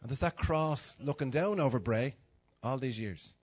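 An older Irish man from Dublin speaks at normal speed and medium pitch, preaching casually in a church hall. He's chatty and self-mocking, acting out little dialogues as he tells humorous stories.

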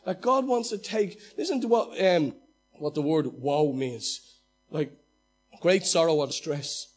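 A man, a pastor, preaching a sermon in an animated way, acting out quoted lines and swinging between loud and hushed delivery. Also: on the high side, unhurried, slightly rough, soft background music.

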